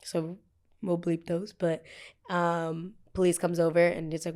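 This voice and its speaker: A woman's voice: lowish voice, fairly even intonation, moderate pace, darkish tone. A young woman in her twenties hosting a podcast, telling a heated story in a casual, profane way and acting out the people she quotes. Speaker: podcast host.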